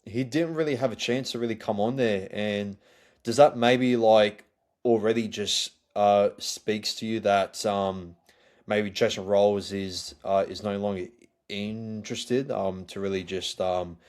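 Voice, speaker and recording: A man hosting a solo sports review podcast, talking in a halting way with many fillers and restarts. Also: fairly low pitch, steady tone, a little mellow. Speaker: podcast host.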